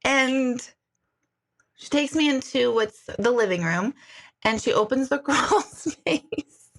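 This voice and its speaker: A woman who works as a medium tells a story casually to viewers. She talks in an animated way, laughs often and fills her talk with "like" and "right?". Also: high-pitched, measured pace.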